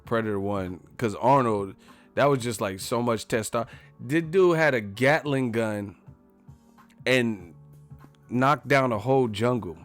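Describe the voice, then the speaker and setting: A man's voice: medium pitch, measured pace, soft background music. A man hosting a casual live stream, profane and laughing often as he reacts to the chat.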